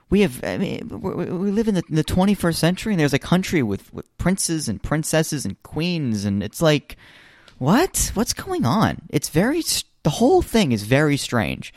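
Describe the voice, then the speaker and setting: An American man co-hosting a casual chat podcast, talking in an animated, rambling way with many restarts. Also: a little high, normal speed, no echo, studio quality. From United States. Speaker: podcast co-host.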